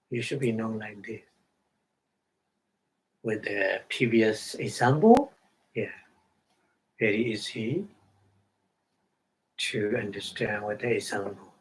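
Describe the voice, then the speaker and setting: A man whose first language is Burmese, giving a meditation dharma talk in halting English, with many fillers and repeated words, chanting Pali passages now and then. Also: on the low side, lively intonation, darkish tone. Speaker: meditation teacher.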